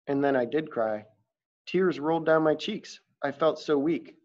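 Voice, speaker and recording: A man's voice: a little high, a little slow, darkish tone. A man reading a first-person audiobook in a plain, confessional storytelling manner, in a dull lo-fi recording. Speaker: audiobook narrator.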